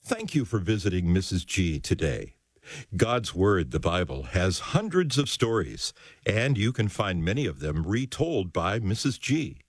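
A man reading a scripted closing announcement in a friendly, measured way. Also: low voice, big pitch swings, breathy edge.

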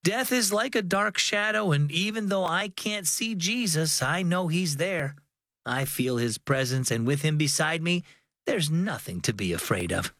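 A man reading a calm, dying old grandfather. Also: fairly high pitch, measured pace, dry recording, clean studio sound, voice pushed up, full character voice. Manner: calm, reassuring. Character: gentle elderly grandfather near death.

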